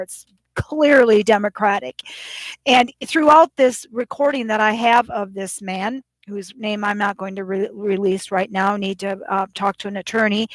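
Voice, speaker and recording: Woman vlogger ranting about a phone call, kinda high voice, dry close sound, worked up and rambly. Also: no room sound. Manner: agitated, retelling a phone call with quoted lines. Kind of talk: casual vlog rant.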